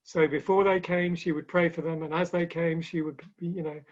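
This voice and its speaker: A man's voice: on the high side, level tone, moderate pace. A man speaking as a guest in a webinar conversation, telling stories with light humor in a chatty way. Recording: dull lo-fi online call audio.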